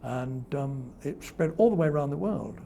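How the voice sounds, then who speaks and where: An older man, a veteran broadcaster, recalls old stories in an interview, chuckling and mimicking the people he quotes. His voice is strongly gravelly and dark-toned, with faint noise behind him. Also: medium pitch, expressive, normal speed. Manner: chuckling storyteller who acts out quoted voices. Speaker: television presenter. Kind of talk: reminiscing interview anecdotes.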